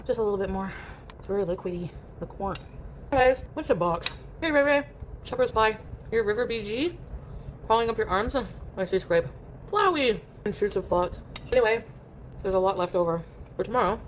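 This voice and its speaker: Speaking at a brisk pace with frequent pauses, this woman has a medium-pitched, expressive voice, and a little hiss or hum sits under the recording. She's streaming from home, eating while she rambles casually and reads out comments from viewers.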